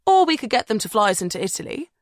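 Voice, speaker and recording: A woman's voice: a little high, sing-song, rapid-fire, dry recording, studio quality, voice pushed up. A woman voicing a cheerful man, a doctor who teases his friend in chummy banter. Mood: teasing.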